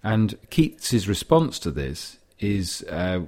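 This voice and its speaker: A man with a very low voice lectures on a poem and reads its lines aloud. His pace is unhurried and thoughtful, and he adds scholarly asides. He sounds middle-aged. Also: very animated, a little mellow. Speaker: literature lecturer. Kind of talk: explaining and reading poetry aloud.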